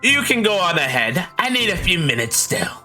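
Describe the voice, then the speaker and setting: A man voicing an earnest teenage girl who leads a literature club, in a soft falsetto. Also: sing-song, normal speed, soft background music, exaggerated voice. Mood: gentle. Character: poised teen girl, literature club president.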